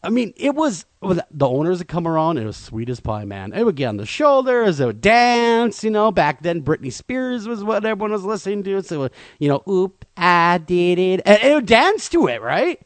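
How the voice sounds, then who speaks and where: A man co-hosting a talk radio show, telling a comedic, self-deprecating story in an animated way. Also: high voice, moderate pace, few pauses, dry recording.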